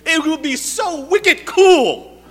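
A man's voice: extremely high pitch, lively intonation, takes it slowly, big-room sound, pitched above the performer's own voice, full character voice. A man voicing God as a breezy, chummy boss with a New England accent. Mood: playful. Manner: jokey, casual, loud.

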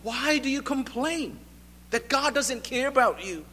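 A man's voice: extremely high pitch, animated, a little slow, bright, forceful tone, in a large hall. A male pastor preaching a sermon, emphatic and driving home repeated rhetorical questions.

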